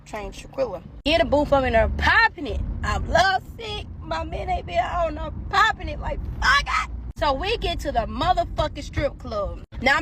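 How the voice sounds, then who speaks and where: A woman telling a long personal story in a casual, profane storytime vlog, swinging between low mumbles and loud outbursts. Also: background noise.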